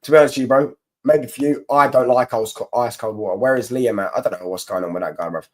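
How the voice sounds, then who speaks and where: A young man chats loosely on a football live stream, teasing rival supporters and answering viewers. His pitch sits at an ordinary middle level for a man. He rambles with frequent restarts and slang. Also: fast talker. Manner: banter-heavy, mocking rival fans, rambling with restarts. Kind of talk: casual live stream chat reading comments.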